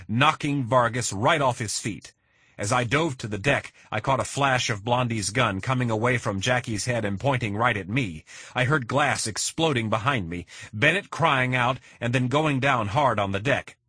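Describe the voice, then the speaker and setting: A man narrating a first-person crime thriller in a steady, measured reading. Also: mid-range voice, slightly rough, dry recording. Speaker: audiobook narrator.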